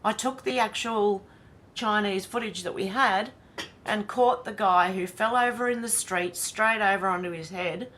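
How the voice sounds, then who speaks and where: A woman's voice: mid-range voice, a bit bright, slight background noise. Chatty Australian woman livestreaming. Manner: chatty, reads comments aloud and reacts with laughs. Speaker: livestream host. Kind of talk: casual livestream commentary.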